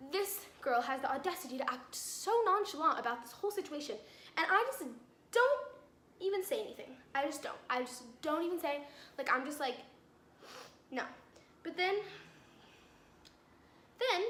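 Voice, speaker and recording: A woman's voice: sits high, expressive, normal speed, long pauses, sharp tone, a little hiss or hum. A teenage girl vlogging a storytime, exasperated and full of "like" fillers, in a roomy space. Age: teens. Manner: exasperated, filler-heavy retelling. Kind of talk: storytime vlog. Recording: roomy echo with faint ambience.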